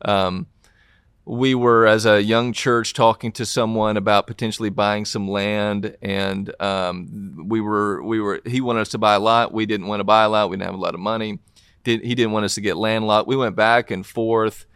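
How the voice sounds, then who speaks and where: Low-voiced pastor speaking earnestly. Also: male voice, fairly even intonation, normal speed, fairly bright tone, clear, resonant tone, dry recording, studio quality. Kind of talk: casual interview talk.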